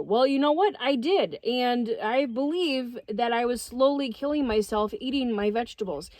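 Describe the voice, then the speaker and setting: A middle-aged woman with a fairly high voice speaks in an earnest, emotional, emphatic way. She is co-hosting a casual vlog outdoors on a homestead. The sound is dry, with little room echo. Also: animated, moderate pace. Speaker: co-host.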